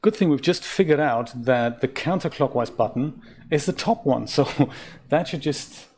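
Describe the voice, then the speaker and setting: Speaking at normal speed in a medium-pitched, darkish voice, a man from Germany streams a puzzle game. His let's-play talk is relaxed and chatty, self-mocking, with meandering side comments.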